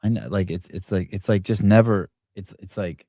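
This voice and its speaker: A middle-aged man with a fairly low voice hosts a casual morning talk show. He rambles and often restarts his sentences. The sound is dry and close, with no room around it. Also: moderate pace, dry recording. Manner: rambling, restarts often, shouts quoted yells. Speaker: podcast host.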